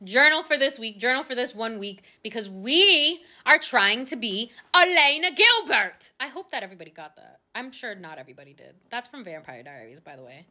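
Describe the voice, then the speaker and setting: A woman's voice: a little high, very animated, fairly quick, hardly any pauses, pushed and bright. A young woman hosting her own podcast, talking casually and rambling with lots of fillers and little laughs. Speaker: podcast host. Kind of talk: casual solo podcast chat.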